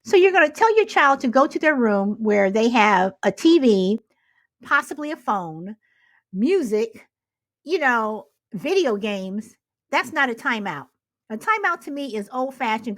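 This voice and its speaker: Brief: middle-aged woman co-host, bit high-pitched, animated and exasperated, dry close sound. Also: normal speed, no echo. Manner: animated, exasperated storytelling with rhetorical questions. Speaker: podcast co-host. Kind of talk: casual chat.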